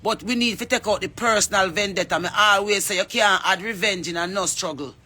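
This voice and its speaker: A woman's voice: medium pitch, a little fast, pushed and bright. A woman from Jamaica with a Jamaican accent, a singer making a fervent, preachy appeal on social media and calling people out by name. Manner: fervent, preachy, calls out names.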